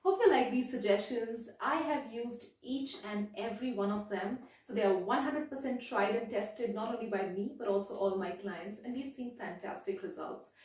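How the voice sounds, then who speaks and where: Woman, speaking coach, deliberate lesson, slightly high voice, very echoey room. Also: darkish tone, distant mic. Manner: measured, deliberate, stresses key words. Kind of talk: instructional video lesson.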